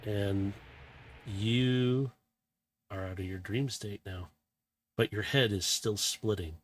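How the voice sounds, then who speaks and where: A man running a tabletop game as game master, narrating a dream scene in a calm, meandering, descriptive way. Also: lowish voice, takes it slowly, a little hiss or hum.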